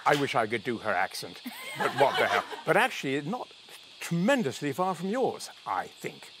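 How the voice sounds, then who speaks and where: A man's voice: mid-range voice, big pitch swings, normal speed, very noisy. A man guest in a chatty interview, telling anecdotes jovially, laughing often and restarting his sentences. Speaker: reality show contestant guest.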